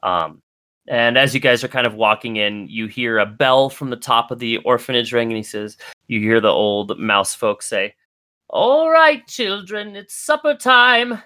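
A man narrating a tabletop game as game master, relaxed and descriptive with frequent ums. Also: lowish voice, normal speed, clear, resonant tone, dry recording.

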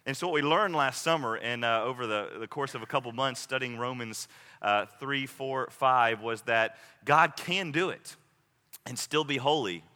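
A man's voice: medium pitch, pushed and bright. Man, pastor, emphatic sermon, long church-hall reverb. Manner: earnest, emphatic, repeats key phrases. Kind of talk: sermon with announcements and prayer. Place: church sanctuary.

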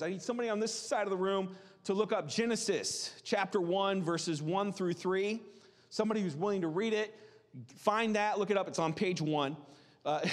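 A man preaching a sermon in a conversational, animated way, acting out the voices of people in the story. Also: high-pitched. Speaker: pastor. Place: church hall. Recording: reverberant hall.

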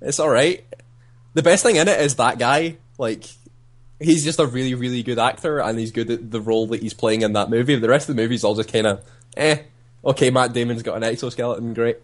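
A man's voice: mid-range voice, fairly quick. A man co-hosting a casual gaming podcast, wry and sarcastic in his asides.

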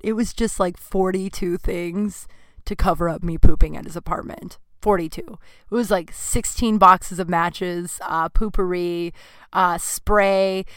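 A young woman spins a long comic story in a bright, forward voice. She rambles and doubles back, then acts out the quoted lines with big swings. The recording is close and dry. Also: on the low side, no echo. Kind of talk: comedic storytelling.

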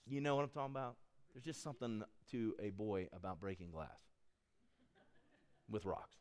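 A middle-aged man preaching a sermon, mixing scripture with animated personal stories that he laughs at. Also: fairly low pitch, moderate pace, clean tone. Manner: animated storytelling, laughs at his own stories. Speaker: pastor. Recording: long hall reverb.

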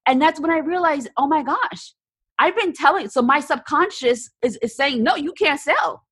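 A woman's voice: sits high, normal speed, a bit bright, no echo. A woman guest telling candid stories in a casual podcast conversation, often quoting her own thoughts aloud. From New Jersey, USA. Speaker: entrepreneur guest.

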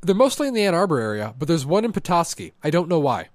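A man co-hosting a casual podcast, chatting in a dry, deadpan joking manner. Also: on the high side, fast talker, no room sound. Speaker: podcast co-host. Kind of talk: casual chat. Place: lives in Michigan.

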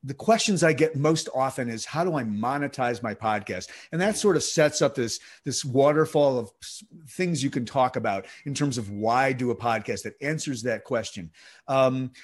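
Man explaining podcasting in an interview. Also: medium pitch. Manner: explanatory, with frequent fillers and restarts. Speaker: podcast guest expert. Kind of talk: conversational interview answer.

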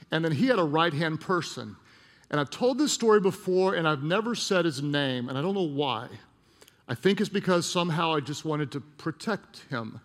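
A man's voice: on the high side, fairly bright tone. A middle-aged male pastor preaching, telling a personal story with emotion and asides to the congregation. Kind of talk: storytelling sermon. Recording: long hall reverb.

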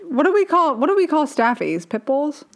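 A woman's voice: high voice, very animated, moderate pace. An American woman co-hosting a podcast in casual chat, teasing her co-host with mock outrage and swearing.

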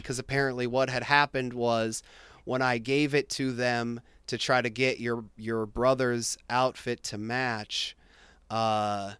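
A young man spins a personal anecdote in relaxed conversation, stumbling through fillers and restarts as he gets animated. His voice is smooth and resonant, sitting at an average pitch. The recording is dry and close. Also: dry recording. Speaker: storyteller in a conversation. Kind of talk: casual chat, telling an anecdote.

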